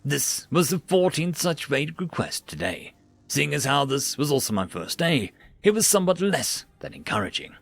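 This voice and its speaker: Animated gravelly male narrator. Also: mid-range voice, normal speed, no room sound, soft background music. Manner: animated, wry. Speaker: story narrator. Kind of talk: dramatic sci-fi story narration.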